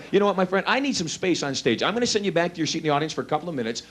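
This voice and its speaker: A man's voice: fairly high pitch, very animated, racing, a bit bright, slightly rough. A man working as a stage hypnotist, giving playful commands to volunteers in front of a live theater audience. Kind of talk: live stage show patter.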